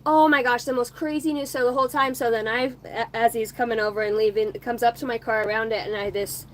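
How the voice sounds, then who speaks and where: A brash, swearing American woman spins a long camping story for her livestream audience, her voice sitting a touch high for a woman. She talks in quick, run-on bursts, and a faint hum runs under the recording. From United States. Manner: profane, animated, fast-rolling anecdote. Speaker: livestream spiritual channel host. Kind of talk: casual storytelling to a live audience.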